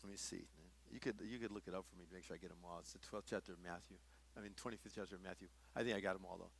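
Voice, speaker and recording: A man's voice: low voice, fairly even intonation, rapid-fire, creaky, slight background noise. A middle-aged man teaching a workshop in a conversational sermon style, often restarting his sentences. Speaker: workshop speaker.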